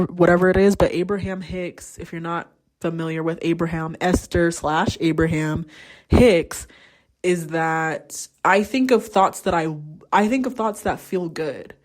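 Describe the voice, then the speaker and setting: A young adult woman talks alone into the mic in a relaxed podcast monologue. Her voice sits a little low for a woman. She speaks openly and bluntly and drops curse words without a second thought. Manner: candid and frank, swears freely. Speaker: podcast host. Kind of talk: casual solo monologue.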